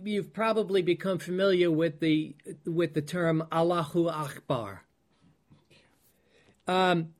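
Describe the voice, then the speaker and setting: A male preacher delivering a teaching sermon with a fairly high voice. He talks slowly, pausing on fillers and restarting phrases, then repeats key points for emphasis. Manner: unhurried, many fillers and restarts, emphatic repetitions.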